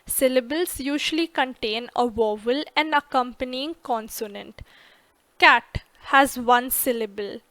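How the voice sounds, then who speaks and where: A woman narrating an English grammar lesson, slow and careful, stressing each example word clearly. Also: sits high, a bit bright, dry recording.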